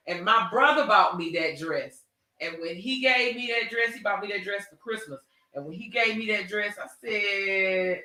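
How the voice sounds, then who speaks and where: A man's voice: sits high, normal speed, bright, forceful tone, recorded from a distance. A man hosting a casual chat, telling stories animatedly with a drawling, slangy delivery. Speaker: podcast host. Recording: echoey room.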